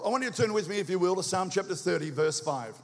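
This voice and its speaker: A high-voiced Australian man preaching a sermon, quick and energetic as he rouses the congregation. His voice rings out with a long reverb from the church around him. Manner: energetic, rousing call-and-response with the crowd; talks quickly. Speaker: visiting preacher.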